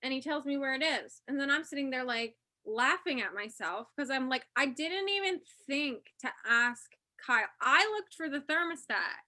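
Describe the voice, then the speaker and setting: Bright chatty woman, casual swearing. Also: sits high, expressive, moderate pace, few pauses. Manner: chatty, swearing, laughing at herself. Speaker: co-host. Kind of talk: casual heart-to-heart chat.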